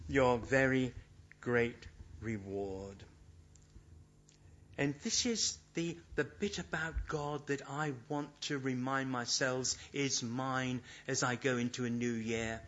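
Slow, bright-voiced man preaching. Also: medium pitch. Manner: earnest, emphatic when quoting scripture. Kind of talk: sermon. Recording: dull lo-fi recording.

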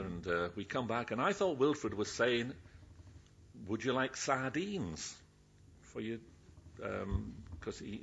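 Older man, minister, chatty sermon, husky, dull lo-fi recording. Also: on the low side, fairly bright tone. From Yorkshire, England. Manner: chatty, rambling, self-interrupting, laughing at his own stories. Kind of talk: anecdotal sermon.

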